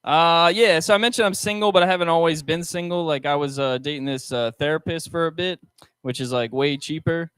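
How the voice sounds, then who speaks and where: A man's voice: fairly high pitch, a bit bright, clean tone, no echo. Hesitant young man doing stand-up. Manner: halting, filler-heavy delivery with many ums and likes. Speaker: stand-up comedian. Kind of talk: stand-up set with crowd work. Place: restaurant comedy stage.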